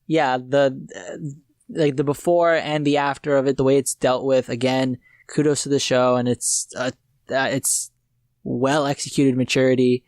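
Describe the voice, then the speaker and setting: Chill guy rambling on a review podcast, mid pitch, dry close mic. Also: little pitch movement, moderate pace, darkish tone, no echo. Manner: rambling, many fillers and restarts, laid-back. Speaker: podcast co-host. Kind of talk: casual review chat.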